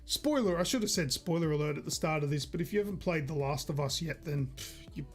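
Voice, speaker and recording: A man's voice: a little high, animated, fast, faint music behind. A man co-hosting a gaming podcast in casual chat, rambling and correcting himself as he goes. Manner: chatty, rambling, self-correcting. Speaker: podcast co-host.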